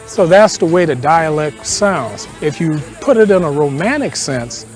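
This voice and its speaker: A man's voice: fairly high pitch, expressive, measured pace, faint music behind. Man explaining heritage, lecturing tone. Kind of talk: casual explanatory talk.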